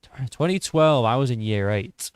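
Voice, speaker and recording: Swearing British lad arguing on stream. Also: male voice, mid-range voice, lively intonation, moderate pace, dry recording, clean studio sound. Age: 20s. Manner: swears often, restarts sentences, argues with a rough edge. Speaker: YouTube MMA channel host. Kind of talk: casual livestream chat reading viewer comments.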